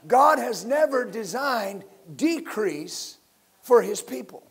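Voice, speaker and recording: A man preaching a sermon as pastor, building to loud emphatic bursts and leading his listeners in call-and-response. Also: very high-pitched, lively intonation, slow pace, gravelly, breathy edge.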